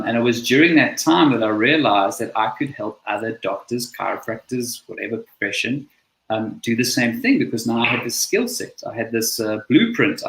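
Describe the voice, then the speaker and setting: A man's voice: mid-range voice, fairly bright tone. Male interview guest from South Africa, earnest and reflective, roomy sound. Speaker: guest, chiropractor and coach. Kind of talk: interview storytelling. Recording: echoey room.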